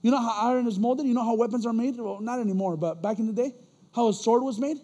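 A young man preaching a sermon as a church elder, telling stories with animated energy and repeating words as he gets going. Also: very high-pitched, fast. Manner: animated storytelling, repeats words when excited.

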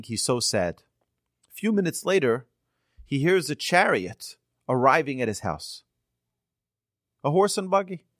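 The medium-pitched voice of a rabbi carries an earnest sermon told through stories, rising in emphasis at crucial points. He's an animated storyteller, captured in a dry, clean studio recording.

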